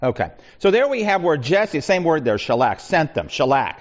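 A man's voice: a little high, big pitch swings, moderate pace. A man leading a Bible study, talking conversationally with frequent restarts and asides. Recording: muffled lo-fi recording.

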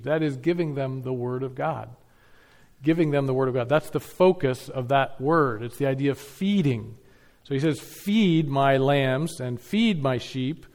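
A man preaching an expository sermon, teaching earnestly, repeating key phrases for emphasis and reading scripture slowly and deliberately. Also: medium pitch. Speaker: pastor.

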